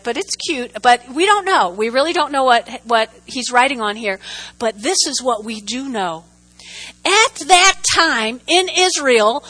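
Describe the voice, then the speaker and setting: A woman preaching with a high, bright voice. She is animated, repeats her points for emphasis and keeps checking in with her listeners. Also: rough recording. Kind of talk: sermon.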